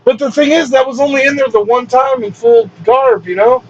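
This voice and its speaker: A man's voice: very high voice, fairly quick. A man who hosts a podcast and wrestles professionally, telling a story casually, laughing often and swearing freely. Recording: dull lo-fi recording with faint hiss.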